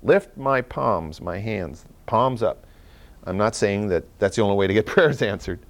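A man preaching a sermon in a conversational way, with small laughs and restarts, swinging between loud emphasis and quiet asides. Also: on the low side, lively intonation, moderate pace. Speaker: pastor.

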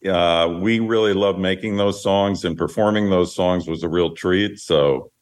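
Deep-voiced male filmmaker guest. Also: unhurried. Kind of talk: interview answers.

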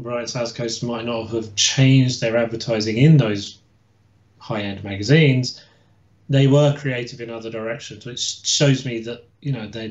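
A man's voice: mid-range voice, darkish tone. A man co-hosting a casual history chat, talking hesitantly with many fillers and restarts. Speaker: co-host, history researcher. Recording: echoey room, dull lo-fi sound.

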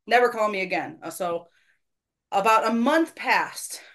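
Casual podcast host: a woman sharing a church story, earnest, a bit self-mocking, mid-pitched. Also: expressive, a little slow, fairly bright tone. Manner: earnest, self-deprecating, quotes people in her story. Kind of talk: casual faith conversation, storytelling.

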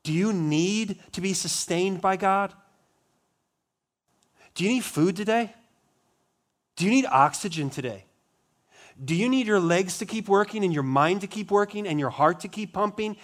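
Male pastor, slightly high voice, sermon delivery with rhetorical questions and hushed solemn drops. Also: expressive, moderate pace, long pauses. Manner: rhetorical questions, rising emphasis on key words; drops to a low, quiet voice on solemn lines.

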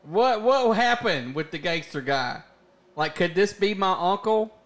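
A man's voice: high-pitched, expressive, measured pace. A man hosting a casual podcast interview, teasing his guest with prodding questions and laughing often. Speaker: podcast host.

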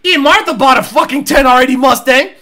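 A man hosting a casual livestream, rambling and profane, rattling off sponsor plugs and viewer names and mocking others with loud impressions. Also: very high voice, a little fast. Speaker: show host.

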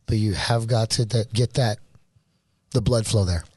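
A man who is a guest on a casual podcast, excitable and scattered, laughing often as he explains his meditation practice. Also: on the low side, moderate pace, breathy edge. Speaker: guest, meditation program founder.

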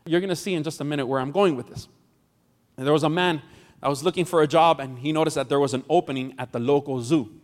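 A man's voice: fairly high pitch, fast talker. A man preaching a sermon as pastor, telling a story and joking with the congregation. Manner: jokey, chats with the congregation. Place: church hall. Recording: long hall reverb.

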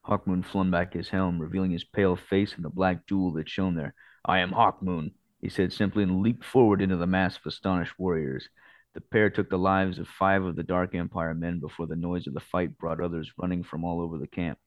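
A man co-hosting a podcast, reading a novel aloud in steady narration. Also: low-pitched, brisk, no room sound, highs cut off. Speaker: podcast co-host.

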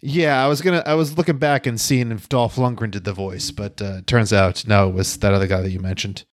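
A man's voice: fairly low pitch, fairly even intonation, brisk, no room sound. A man co-hosting a casual chat, chatty and rambling with many fillers and restarts, laughing often. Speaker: podcast co-host.

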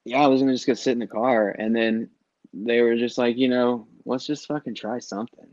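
A man's voice: mid-range voice, steady tone, brisk, a little mellow, no room sound, lo-fi sound. A middle-aged man telling long, rambling concert-trip stories in casual podcast chat, swearing freely and acting out what people said. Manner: rambling storyteller, swears freely, acts out quotes.

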